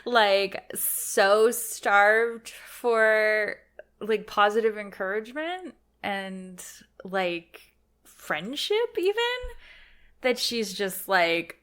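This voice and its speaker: A woman's voice: medium pitch, expressive, extremely slow, fairly bright tone, clean tone. A woman co-hosting a podcast, chatting about a film in an easygoing, agreeable way, with many uses of "like". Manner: easygoing, agreeable, heavy use of "like". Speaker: podcast co-host. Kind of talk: casual film discussion.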